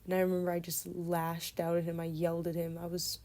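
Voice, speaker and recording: A woman in her twenties telling a personal story casually, in a meandering, soft-spoken way. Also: fairly low pitch, completely flat delivery, fairly quick.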